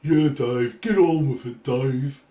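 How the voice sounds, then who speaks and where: A man voicing a gruff kea parrot with a New Zealand accent, grumbling impatiently. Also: mid-range voice, slow, dark tone, pitched above the performer's own voice, lightly acted. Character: gruff low-voiced kea parrot toy.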